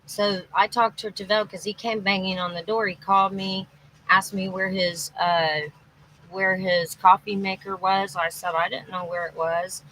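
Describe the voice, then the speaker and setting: A woman's voice: medium pitch, level tone, normal speed, sharp tone, a little hiss or hum, rough recording. An exhausted, anxious woman rambling through a live-stream monologue, restarting her sentences as she goes. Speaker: livestreamer. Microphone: phone or webcam livestream.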